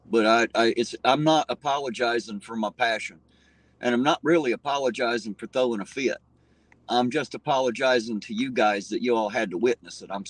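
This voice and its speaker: A man's voice: medium pitch, no echo. A man hosting a casual livestream, talking bluntly and profanely, restarting his sentences as he answers viewers. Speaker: livestream host reading viewer comments.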